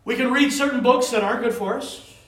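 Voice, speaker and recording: Guy giving a chatty sermon, fairly high voice, kinda far from the mic. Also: a little fast. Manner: animated, rambling, calls for responses. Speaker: pastor. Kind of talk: conversational sermon. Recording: roomy room, voice from a distance.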